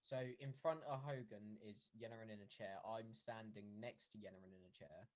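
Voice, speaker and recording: A man playing a tabletop game, casual and halting as he describes his character's moves. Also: fairly low pitch. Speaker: player.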